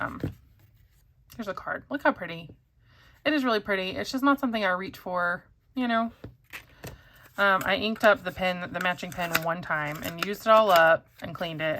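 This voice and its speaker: Bright-voiced chatty woman. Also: on the low side. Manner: chatty, rambling, many ums and likes. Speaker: pen reviewer. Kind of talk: casual chat to camera.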